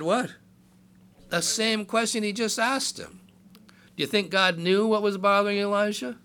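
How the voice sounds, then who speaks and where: A man's voice: high voice, normal speed, long pauses, pushed and bright. A man in his sixties preaching a sermon in a conversational way, joking with the congregation and reading scripture aloud in a raised voice. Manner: conversational preaching with asides and jokes. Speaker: pastor.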